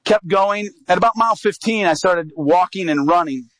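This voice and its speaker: A man's voice: high voice, normal speed, dry recording, poor audio. A man telling a personal story in a sermon, acting out what people said. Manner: lively storytelling with acted-out quotes.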